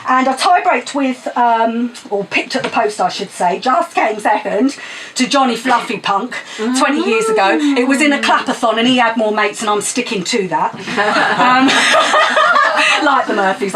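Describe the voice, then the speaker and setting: A woman's voice: fairly high pitch, big pitch swings, measured pace, a loud crowd. A middle-aged woman performing her poems live in a small cafe gallery, mixing chatty, giggly asides with sweary, punchy rhyming verse. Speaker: performance poet. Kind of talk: live spoken-word poetry reading. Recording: distant mic in a small venue.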